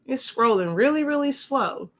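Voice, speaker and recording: A woman's voice: high-pitched, expressive, moderate pace, fairly bright tone. A woman giving a casual show-and-tell craft tutorial, chatty and rambling with many fillers and asides. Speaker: crafting instructor.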